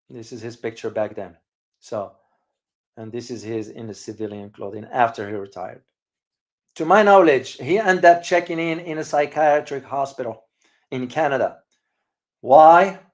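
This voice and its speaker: A man hosting a casual live-stream commentary, speaking emphatically to his viewers, repeating words for stress and pausing often with hesitations. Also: on the high side. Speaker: channel host and geopolitical commentator.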